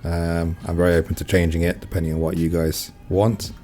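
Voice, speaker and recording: A man's voice: deep voice, level tone, brisk, dark tone. A man reading reddit stories aloud in a casual way, adding wry, joking comments between them. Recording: faint music behind.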